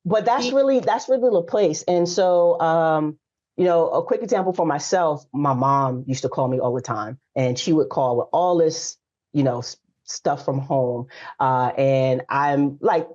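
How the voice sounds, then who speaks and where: Speaking a little slowly in a low-pitched voice, this forties-aged woman is a guest coach chatting casually on a podcast. Her storytelling is lively, blunt and emphatic. Sound quality is a bit dull, with a lo-fi feel.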